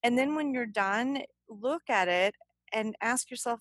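A woman's voice: on the high side, measured pace, fairly bright tone, no room sound. A woman co-hosting a casual podcast in an upbeat, chatty way. She keeps circling back with ums and restarts. The sound is dry and close, with no room around her voice. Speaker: podcast co-host.

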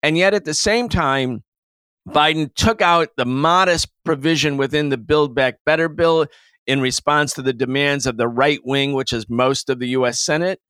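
A man's voice: on the high side, moderate pace, pushed and bright, clear, resonant tone, no echo. A man hosting a studio roundtable, giving emphatic, indignant political commentary. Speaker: host.

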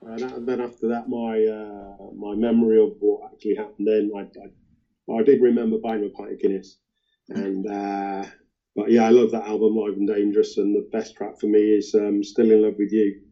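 A man's voice: fairly low pitch, little pitch movement, normal speed. An Irish man chatting casually and hesitantly, with many fillers. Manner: hesitant, many ums and uhs. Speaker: guest. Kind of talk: casual chat. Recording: dull lo-fi recording.

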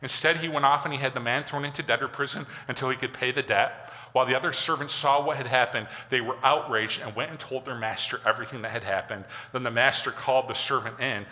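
A pastor giving a conversational, animated sermon, acting out quotes as he goes. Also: mid-range voice, fast talker, few pauses. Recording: long hall reverb.

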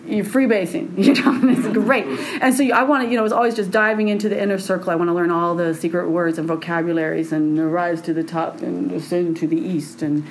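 A woman's voice: lowish voice, fairly even intonation, a little fast, few pauses, slight background noise, rough recording. A woman telling a personal story in a frank, meandering way with frequent laughter.

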